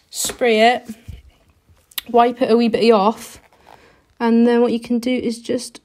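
A woman talks through a live nail art lesson, chatty and relaxed as she works, narrating each brush stroke step by step. Her voice sits a little high and her delivery is slow and unhurried. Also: a little hiss or hum. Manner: chatty, step-by-step instructions while working.

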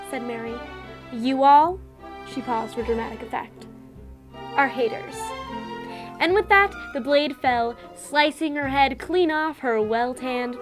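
A young woman with a high voice narrates a scripted fairy-tale parody with deadpan satire. Soft music plays under her reading. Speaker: host and storyteller.

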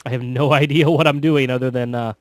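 A man casually commenting on a video game, joking sarcastically with bursts of loud laughter. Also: medium pitch, fairly even intonation, a little fast, dry recording, faint music behind. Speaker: gameplay commentator. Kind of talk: casual let's play commentary.

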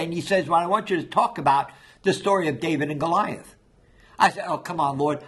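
A man's voice: a little high, brisk, fairly bright tone, slightly rough. A man pastor preaching a sermon, telling a story and acting out the voices in it.

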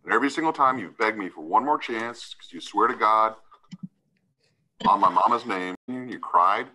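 A man's voice: lowish voice, expressive, normal speed, pushed and bright, rough recording. Stern man lecturing from the bench. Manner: stern, lecturing, repeats "right?". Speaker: judge. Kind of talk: courtroom hearing, addressing a defendant.

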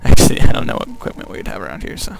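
A man's voice: racing, very noisy. A man doing let's play commentary, goofy and joking, talking back to the enemies on screen. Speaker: gameplay commentator.

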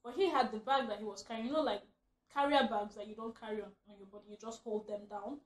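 A woman's voice: a little high, fairly even intonation, fast, echoey room. A young adult woman vlogger telling a story in a casual, chatty way, breaking into laughter often.

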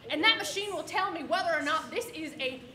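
A stern middle-aged schoolteacher, put on by a woman storyteller, slow and pointed as she presses a student. The voice sits high and carries through an echoey room over a bed of background noise. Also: lively intonation, sharp tone, heavily acted. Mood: threatening.

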